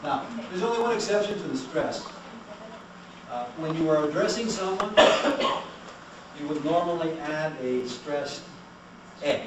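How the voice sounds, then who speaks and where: A man's voice: fairly high pitch, expressive, a little slow, long pauses. A man giving a classroom lecture, explaining patiently and putting questions to the class. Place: lecture room. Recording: very echoey, distant, noisy room recording.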